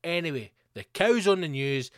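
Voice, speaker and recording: A man's voice: a little high, expressive, moderate pace, dry recording, clean studio sound. A man with a Glasgow accent hosting a podcast, ranting solo in a sweary, sarcastic, rambling way. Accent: Scottish, Glasgow. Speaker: podcast host.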